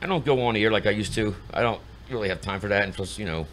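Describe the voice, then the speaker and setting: A man's voice: lowish voice, very fast, a bit bright, a little hiss or hum. A middle-aged man, a guest in casual chat, telling rambling stories and acting out what people said. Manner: rambling storyteller acting out quotes.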